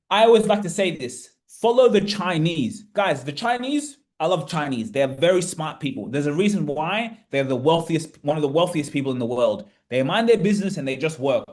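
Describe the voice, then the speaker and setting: A man speaks on a casual investment webinar, fervent and animated, breaking off into asides. His voice sits a little high for a man. He drives his points home with repetition and the odd curse word. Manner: animated, passionate, sometimes swears. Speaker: webinar host.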